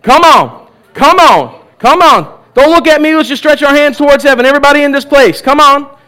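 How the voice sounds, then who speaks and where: A man's voice: very high-pitched, animated, moderate pace, bright, forceful tone. A man preaching at a church service, exhorting his congregation with repeated calls of "come on" and leading them in prayer. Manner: exhorting, repetitive "come on" calls, bursts of laughter. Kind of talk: charismatic sermon and altar call. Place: church service with live audience.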